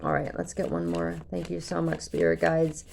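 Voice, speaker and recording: A woman's voice: low voice, level tone, normal speed, creaky, a little mellow, slight background noise. A woman tarot reader talking casually to her viewers, blunt and cursing freely, often checking in with "okay?". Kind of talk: casual talk to camera.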